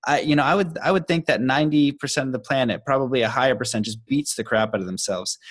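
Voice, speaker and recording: A man's voice: medium pitch, dry recording. Man, mid-range voice, podcast host, casual storytelling, easygoing delivery. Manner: relaxed storyteller, slows down for emphasis. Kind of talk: casual conversation.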